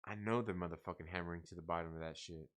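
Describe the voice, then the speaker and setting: Speaking very fast in a low, steady, clean voice, this livestream host sounds worn out. He works through viewer comments in a loose, swear-heavy chat full of laughter.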